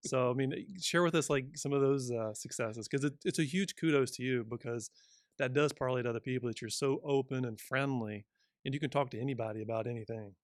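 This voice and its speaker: A man co-hosting a podcast, talking quickly and eagerly in a relaxed chat. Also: medium pitch, no room sound, clean studio sound. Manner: quick, enthusiastic, full of praise. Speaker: podcast co-host, real estate agent. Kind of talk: casual chat.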